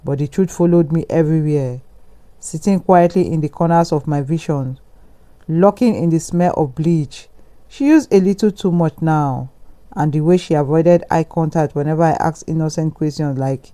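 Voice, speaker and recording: A man reading a first-person horror story in a steady, brooding narration. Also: on the high side, normal speed.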